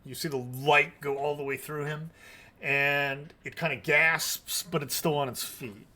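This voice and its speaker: A man narrating combat as game master of a tabletop game, in a deliberate, measured way. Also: on the high side, fairly even intonation, pushed and bright.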